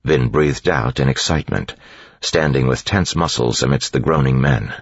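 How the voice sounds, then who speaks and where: A man narrating an audiobook in a steady, measured storytelling voice, in a dull lo-fi recording. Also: a bass voice, no room sound. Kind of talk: scripted narration.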